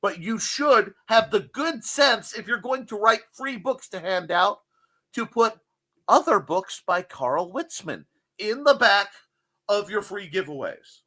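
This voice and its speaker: Lively, bright-voiced male show host. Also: high-pitched, a little slow. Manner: joking, rambling, reads chat aloud. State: cold. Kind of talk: casual livestream chat.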